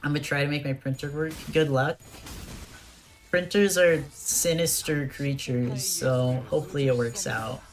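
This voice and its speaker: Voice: medium pitch, steady tone, normal speed, soft background music. A young adult streamer chatting casually while playing and reading dialogue aloud, often laughing and stammering on restarts.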